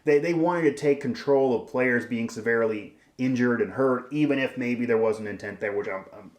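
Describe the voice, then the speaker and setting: A man's voice: medium pitch, normal speed, reverberant. A man hosting a sports show, giving emphatic, rambling opinion commentary with frequent restarts.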